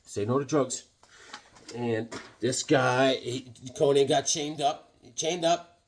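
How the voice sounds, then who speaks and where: A man chatting casually as a comic book vlogger, joking and rambling with sudden loud bursts while he shows off his sketches. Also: medium pitch, slow pace. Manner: excitable, jokey, rambling, with sudden loud outbursts. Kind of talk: casual chat showing sketches.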